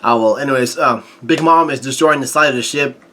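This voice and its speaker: A man talks through a comic chapter panel by panel, with a bright, forceful tone. He often stalls and restarts while reading, slipping in side comments as he goes. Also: mid-range voice, slight background noise. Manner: halting, with frequent restarts and fillers. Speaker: manga reviewer.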